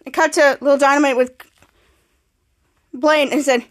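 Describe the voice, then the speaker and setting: Woman podcast host, high voice; casual scene-by-scene recap, heavy on "cut to", reads the dialogue aloud. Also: fairly even intonation, normal speed. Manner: narrates scene by scene, repeating "cut to" and reading characters' lines aloud.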